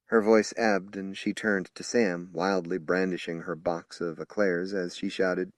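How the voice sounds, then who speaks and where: A man reading a horror novel aloud as an audiobook narrator in measured storytelling. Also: low-pitched, fairly even intonation, dry recording, clean studio sound. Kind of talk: scripted narration.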